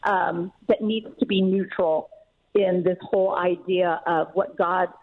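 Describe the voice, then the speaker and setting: A middle-aged woman author, a guest in an interview, talking in an emphatic, earnest way with quick laughs. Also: lowish voice, fairly even intonation. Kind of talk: casual interview talk. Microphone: phone call. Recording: tinny phone line.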